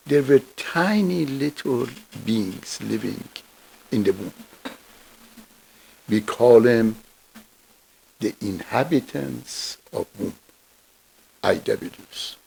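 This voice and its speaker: A man giving a talk and telling a gentle parable in a gravelly, husky voice. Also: medium pitch, rough recording. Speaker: lecturer. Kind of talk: storytelling talk.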